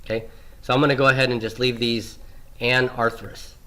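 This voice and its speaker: A man's voice: medium pitch, level tone, a little fast, pushed and bright. A man teaching Hebrew grammar in a classroom lecture, asking questions and answering them himself and repeating the key forms.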